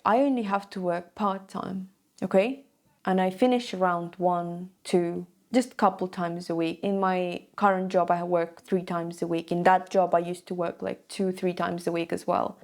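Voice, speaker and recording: A woman's voice: fairly low pitch, steady tone, moderate pace, creaky, a little mellow. A young woman vlogger telling a story to camera in a casual, chatty way, often checking in with "okay?".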